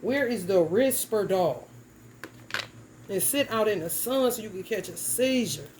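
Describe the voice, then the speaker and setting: A woman's voice: medium pitch, lively intonation, measured pace, background noise. A young adult woman giving a casual tarot reading, talking bluntly and emphatically with plenty of cursing and slang. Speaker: tarot reader.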